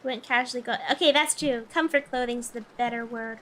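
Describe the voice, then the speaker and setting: A woman's voice: a little high, fairly even intonation, brisk, fairly bright tone. A young woman streamer chatting casually with viewers, playful and flustered, laughing often.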